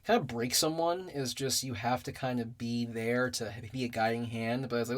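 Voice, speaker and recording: A man co-hosting a relaxed movie podcast. He rambles through his points with plenty of fillers and the odd curse word. He laughs easily and his voice sits at an ordinary middle pitch. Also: normal speed. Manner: rambling, laughs often, swears, many fillers. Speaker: podcast co-host. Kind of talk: casual film review chat.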